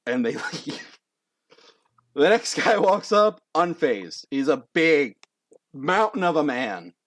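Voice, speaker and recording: A man's voice: a little high, sing-song, slow pace, fairly bright tone, no echo. A young man narrating a tabletop game as game master, in a casual, rambling way full of fillers.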